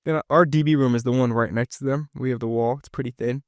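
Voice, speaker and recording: A man co-hosting, jumping in with animated reactions and stories in casual chat. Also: mid-range voice, quick pace, dry recording.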